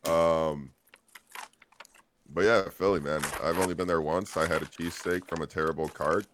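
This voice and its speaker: A man's voice: deep voice, fairly even intonation, normal speed, fairly bright tone, a little hiss or hum. A man co-hosting a podcast in casual chat, laid-back and rambling as he brings up news items. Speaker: podcast co-host.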